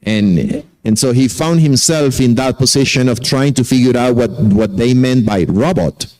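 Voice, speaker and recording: A man's voice: mid-range voice, normal speed, darkish tone, low-quality recording. A man lecturing to teachers, telling anecdotes and often repeating and correcting himself. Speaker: conference speaker.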